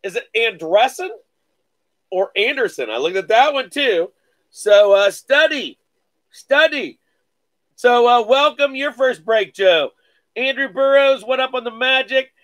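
High-voiced laid-back card break host. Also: male voice, animated, a little slow, a bit bright. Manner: laid-back, many "uh" fillers, greets viewers by name. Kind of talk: casual live-stream chat.

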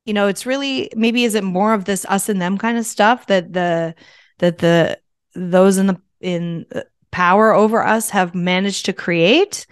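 A woman hosts a casual talk show, telling a story in a candid, animated way with plenty of swearing. Her voice is smooth and clear, in a medium register. The sound is dry and close. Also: mid-range voice, unhurried, no room sound. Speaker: podcast host. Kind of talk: casual monologue to listeners.

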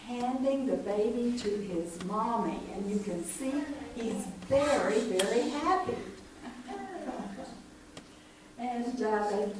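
Woman, slightly high voice, slow gentle children's storyteller, echoey church from afar with noise. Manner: gentle, hesitant with many fillers. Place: church sanctuary. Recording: echoey church recorded from far off, noisy.

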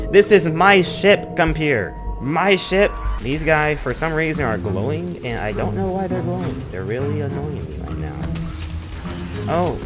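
A young man doing rambling, jokey gameplay commentary with sudden excited outbursts, game music behind. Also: fairly high pitch. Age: young adult. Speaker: gaming YouTuber. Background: game music and sound effects.

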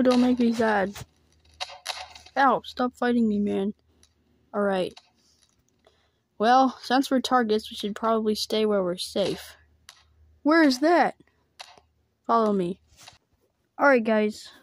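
A woman telling a playful homemade role-play story, voicing every character herself, switching between excited yelps and flat, deadpan asides. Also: a little high, a little hiss or hum.

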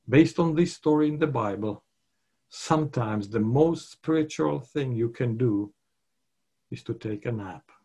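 A man's voice: mid-range voice, measured pace, a little mellow, husky. A man preaching a sermon in an emphatic way, repeating his key points.

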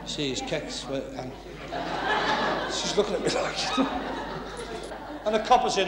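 A man's voice: on the high side, lively intonation, takes it slowly. A man with a Liverpool accent doing a brash, bantering stand-up routine in a working men's club. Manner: brash, bantering, chatty with the crowd. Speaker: stand-up comedian. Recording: echoey club hall, background noise.

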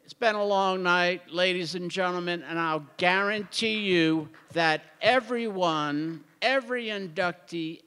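A man's voice: high voice, unhurried, few pauses, pushed and bright, clean tone. A man giving a folksy award speech, telling a story and talking to the crowd. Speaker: award presenter. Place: large hall at an award show. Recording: reverberant hall.

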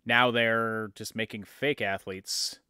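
A man's voice: fairly low pitch, fairly even intonation, slow, sharp tone, clear, resonant tone, no room sound. A man co-hosting a gaming podcast, dry and matter-of-fact in casual chat. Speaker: podcast co-host.

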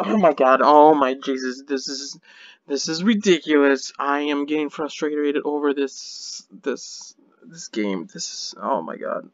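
In this let's play commentary, a gamer works through a survival game, talking to himself and reacting in panicky, exclamatory bursts. His voice is on the high side and his delivery a little slow.

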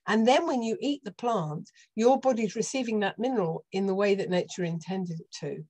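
A middle-aged British woman, a doctor, explaining health topics as a podcast guest in a steady, informative way with touches of dry sarcasm. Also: mid-range voice, moderate pace. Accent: British English. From United Kingdom. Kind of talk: podcast interview.

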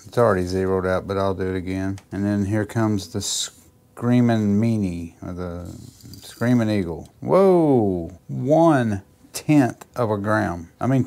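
A man reviewing gold pay dirt at home, chatting to his viewers and getting excited over finds. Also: on the low side, dry recording. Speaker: gold prospecting YouTuber. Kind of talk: casual chat, reviewing and weighing gold.

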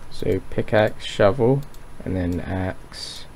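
Slow gravelly man chatting over a game. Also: low voice, darkish tone, a little hiss or hum. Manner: rambling, self-mocking, thinks aloud. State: dry throat. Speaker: gaming YouTuber. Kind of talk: Minecraft let's play commentary.

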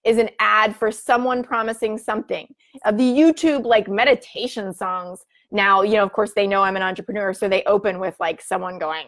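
A woman in her thirties hosts a casual live broadcast. She talks in a bubbly, chatty way, reading viewer comments aloud. Her speech is full of fillers, and her voice sits at an average pitch for a woman. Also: a little fast, hardly any pauses. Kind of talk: casual live-stream chat.

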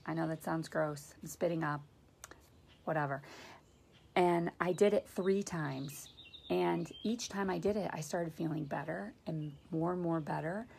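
A woman's voice: deep voice, unhurried, gravelly, a little mellow, a little hiss or hum. A woman hosting a faith video, casually teaching about dreams and reading scripture aloud in an earnest, conversational way.

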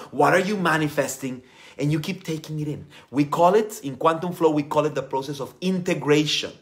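A man gives a motivational spiritual teaching talk in a voice pitched a little high that swings freely up and down. He sounds animated and playful, and he repeats his phrases for emphasis.

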